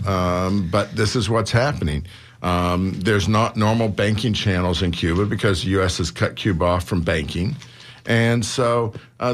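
A low-pitched man speaks as a guest on a talk radio show. He lays out his argument earnestly and builds toward pointed rhetorical questions. He is recorded in a radio studio. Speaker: newspaper publisher, guest. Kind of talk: radio interview.

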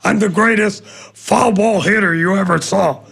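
A man from Tampa telling an animated story as a radio host in a studio. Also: sits high, a little slow, vocal fry, slightly rough. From Tampa, Florida. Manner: animated storyteller acting out the voices.

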